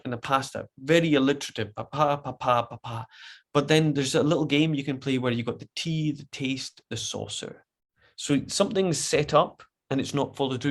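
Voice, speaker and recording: Chatty man teaching online. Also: a little high. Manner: chatty, encouraging, with restarts. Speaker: poetry workshop leader. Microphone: video call.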